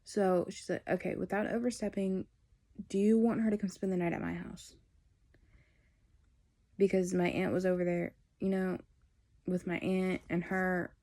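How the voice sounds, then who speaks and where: A woman's voice: fairly low pitch, level tone, normal speed, long pauses, mellow. A teenage woman, telling a personal story in a candid, rambling way. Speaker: vlogger.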